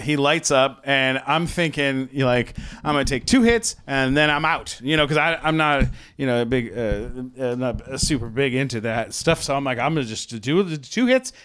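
Animated stand-up man, higher voice. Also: a little hiss or hum. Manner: animated, acts out quoted exchanges. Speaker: stand-up comedian. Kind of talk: improvised stand-up storytelling. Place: comedy club stage.

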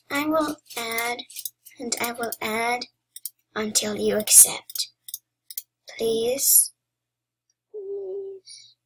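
A woman's voice: on the high side, lively intonation, very slow, long pauses, fairly bright tone, slightly rough. A young woman giving casual game commentary, dramatic and pleading, sometimes dropping into whispers. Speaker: gamer.

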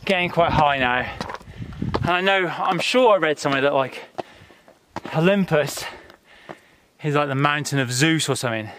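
A man's voice: on the high side, moderate pace, noisy background. A man from Britain vlogging as he hikes a mountain trail outdoors, chatty and self-mocking, a bit out of breath. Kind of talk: casual vlog while hiking.

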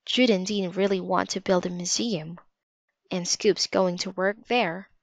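A woman's voice: fairly low pitch, fairly even intonation, unhurried, no room sound. A woman reading the lines of a loyal, earnest young boy in a storybook. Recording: slightly dull lo-fi recording.

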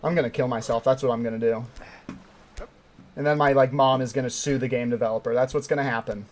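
Here a young man streams a climbing game, speaking quickly in a medium-pitched voice. His live commentary is excitable, punctuated by startled yelps and shouts, with asides to himself and his chat between attempts. There's a little background noise.

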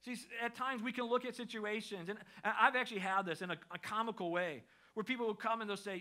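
Bright high-voiced preaching man. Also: fast talker, hardly any pauses. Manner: conversational preaching with a lively rising delivery. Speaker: pastor. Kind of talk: sermon. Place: church sanctuary.

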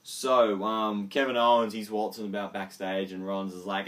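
A man casually reviewing a wrestling show. He is excitable, swears freely and fills his talk with ums. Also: lowish voice, normal speed, few pauses, far from the mic, slight background noise.

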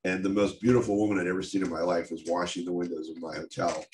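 The speaker is a middle-aged photographer from the United States, telling career stories in a frank, self-mocking way with many fillers. He talks fast in a low, somewhat dark voice with little pitch movement. The sound is echoey, with faint noise in the background.

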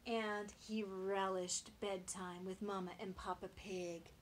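A woman teacher reading a picture book aloud to young children, expressive and friendly. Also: medium pitch, unhurried, a little hiss or hum.

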